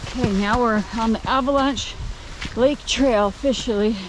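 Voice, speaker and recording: A woman's voice: a little high, rough recording. An older woman chatting casually as she films a hike on a forest trail and points out the sights. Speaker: vlogger. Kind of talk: casual hiking vlog narration. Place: outdoor forest trail by roaring water. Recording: outdoor camera audio with clear rushing-water noise.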